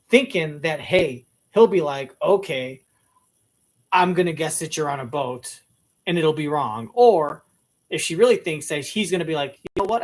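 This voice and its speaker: A commentator reacting to a TV clip in rambling comic commentary, crude and overthinking, acting out imagined lines. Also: mid-range voice.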